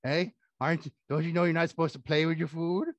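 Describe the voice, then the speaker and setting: A man's voice: a little high, steady tone, quick pace, dry recording, lo-fi sound. A man performing a children's puppet show, telling rhymes in a playful, theatrical way. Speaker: puppeteer and storyteller.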